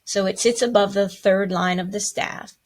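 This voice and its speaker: A woman's voice: medium pitch, fairly even intonation, normal speed. A woman teaching a music lesson, patiently explaining rhythms and chanting the counting syllables with playful asides.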